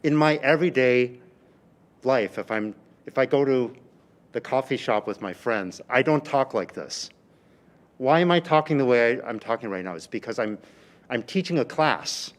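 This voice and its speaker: A man teaching a violin master class in a rehearsal room, coaching a student with lively, exaggerated phrasing and frequent restarts. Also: medium pitch, moderate pace. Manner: animated, exaggerated teaching delivery with repeated phrases.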